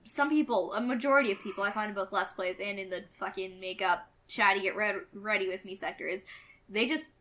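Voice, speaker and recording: Bright-voiced young woman chatting. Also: medium pitch, brisk. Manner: chatty, swears, animated asides. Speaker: podcast co-host. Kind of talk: casual podcast chat.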